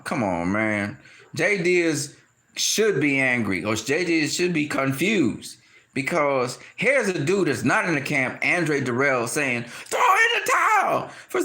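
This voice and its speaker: A man giving a casual, animated boxing opinion rant, often laughing and acting out quotes in high shouted voices. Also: normal speed. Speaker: boxing commentator.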